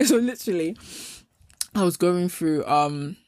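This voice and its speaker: A woman's voice: lowish voice, animated, measured pace, a little mellow, no echo, studio quality. A young woman hosting a casual solo podcast, chatty and self-mocking, often acting out her past self in quoted asides. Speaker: podcast host.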